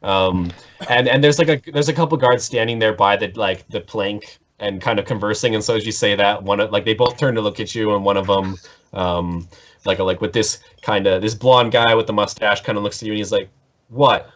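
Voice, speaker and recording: A man runs a tabletop game in a low voice, his narration rambling and full of restarts. The recording is dull and lo-fi, with the top end missing. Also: fairly even intonation, fairly quick. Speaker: game master.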